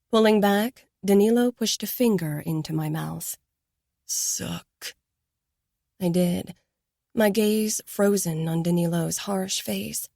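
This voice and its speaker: Soft-voiced woman narrating a romance audiobook. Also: on the low side, no room sound, studio quality. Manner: soft, intimate, hushed at times.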